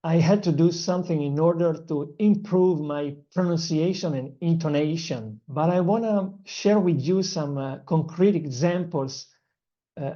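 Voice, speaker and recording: A speaker with an Italian accent teaches in an earnest, reflective way, in short phrases broken by small fillers. The tone is mellow and warm. The recording sounds a little dull and lo-fi. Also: mid-range voice. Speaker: English-learning channel host. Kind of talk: motivational language lesson.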